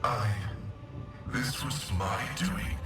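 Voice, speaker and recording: A solemn cyborg tech priest in a video game, speaking through a vox synthesizer in formal, mechanical phrases. His voice booms with heavy echo from far away. Game music plays underneath it. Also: sing-song, extremely slow. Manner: formal, stilted machine-like phrasing. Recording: very echoey distant voice over game music.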